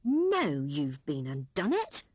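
A woman's voice: medium pitch, wildly swooping pitch, a little slow, breathy edge, no echo, full character voice. A woman voicing a kindly old male hedgehog who grumbles in a plain, homely way. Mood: gruff.

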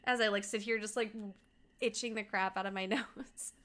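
A young woman from Colorado chatting casually and quickly while streaming a game, reading out chat and humming along. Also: mid-range voice, steady tone, fairly bright tone. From Colorado, USA. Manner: fast-talking, chatty, reads chat aloud, hums along.

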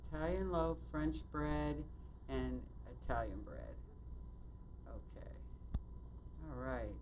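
A woman playing a bakery shop game, muttering to herself as she works, with quick exclamations and mild swearing. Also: low-pitched, animated, noisy background. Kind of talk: casual let's-play commentary.

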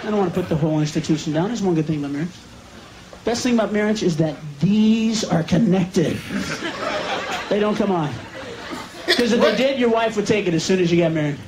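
A man's voice: sits high, a little fast. A man doing a stand-up routine with explosive delivery, breaking into screams. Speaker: stand-up comedian. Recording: live club tape with loud crowd and hiss.

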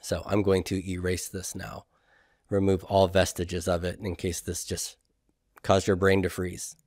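A man teaching a classroom grammar lecture, patiently quizzing students and repeating forms slowly. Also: sits low, completely flat delivery, a little mellow, no echo, studio quality.

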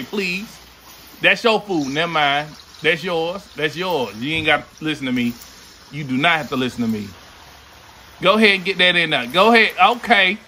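A man's voice: high voice, bright, forceful tone, a little hiss or hum. A man hosting a reaction video, giving loose, joking running commentary full of swearing.

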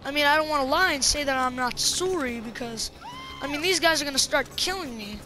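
A young woman giving jokey, excitable commentary while playing a game, repeating her apologies again and again. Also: high-pitched, fairly quick. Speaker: gameplay streamer. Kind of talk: casual gameplay commentary.

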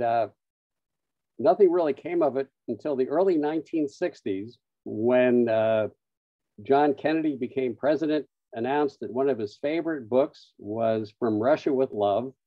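A man presenting a webinar, telling an anecdote-filled story with frequent "uh" pauses. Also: mid-range voice, dry recording. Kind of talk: storytelling talk. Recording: dull lo-fi online audio, dry.

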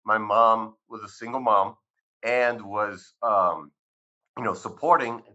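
A man in his fifties tells his personal story as an interview guest, his voice bright and forceful. He acts out past conversations with lively switches. The recording sounds a little dull and lo-fi. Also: lowish voice, slow pace. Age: 50s. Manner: animated storyteller who acts out dialogue. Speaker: physician guest.

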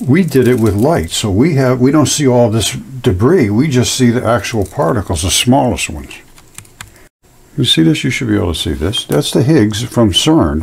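A man's voice: lowish voice, gravelly, darkish tone, slightly rough. A man presenting his own physics ideas in a casual explanatory talk, folksy and emphatic, acting out sounds with repeated words. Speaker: presenter of fringe science videos.

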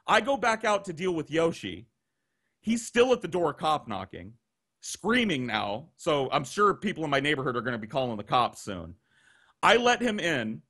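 A man's voice: on the high side, moderate pace. A man telling a crude anecdote on a podcast, swearing freely and acting out the voices of the people in his story, heard over a video call. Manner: profane, animated, acts out quoted voices. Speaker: guest storyteller.

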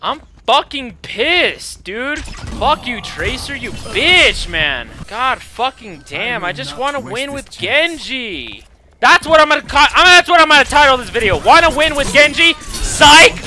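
A young man with a very high, sharp, piercing voice rages through an online match, swearing and shouting at the other players. His voice cracks from yelling. A little music plays faintly behind him. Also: very animated, measured pace. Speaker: gaming YouTuber. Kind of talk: angry live gameplay commentary.

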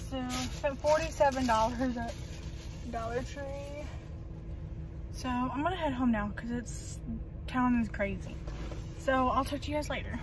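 A woman's voice: sits high, background noise. A young adult woman chatting casually in her daily vlog, giggly and rambling with lots of fillers, filming herself from her car and then at home. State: out of breath. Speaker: vlogger.

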